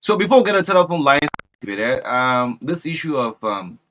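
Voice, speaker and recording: A man hosting a breakfast talk radio show, emphatic and repetitive, swinging between loud and soft. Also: mid-range voice, very animated, fairly quick, a little hiss or hum. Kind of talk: animated talk radio commentary.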